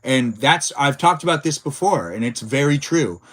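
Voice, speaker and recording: A man's voice: medium pitch, lively intonation, moderate pace, a bit bright. Male streamer, casual stream host, rambling and filler-heavy, reacts to chat. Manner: rambling, many filler words; reads and answers chat messages. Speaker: livestream host.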